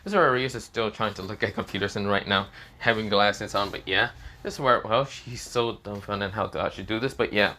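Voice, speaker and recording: A man's voice: on the low side, brisk, pushed and bright, a little hiss or hum. A man narrating a fan story off the cuff, rambling with many fillers and restarts. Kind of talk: improvised casual story narration.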